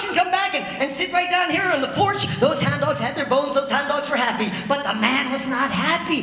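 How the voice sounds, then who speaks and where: A storyteller telling a spooky tale to children, playful and lively, drawing the audience in with questions, recorded live on a large theatre stage. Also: high voice, brisk, hardly any pauses, roomy sound, big-room sound, faint music behind.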